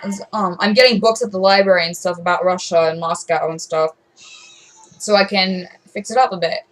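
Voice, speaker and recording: A woman's voice: lowish voice, steady tone, a little fast, poor audio. Rambling aggrieved teenage girl. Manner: rambling, full of fillers and restarts, aggrieved. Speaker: vlogger. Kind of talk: rambling rant to camera.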